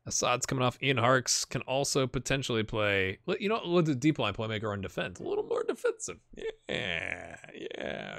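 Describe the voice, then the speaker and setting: Animated man commenting on his game. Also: medium pitch, gravelly, no room sound, studio quality. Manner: excitable, talks to the players on screen. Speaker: gaming YouTuber. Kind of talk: casual Let's Play commentary.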